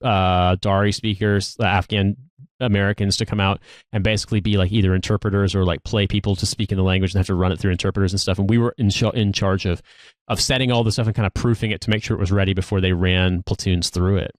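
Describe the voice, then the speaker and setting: A man's voice: low voice, fairly even intonation, fast, dry recording, studio quality. A man in his thirties, an army veteran co-hosting a podcast, telling stories casually with many restarts and trailing asides. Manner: rambling storyteller, frequent restarts.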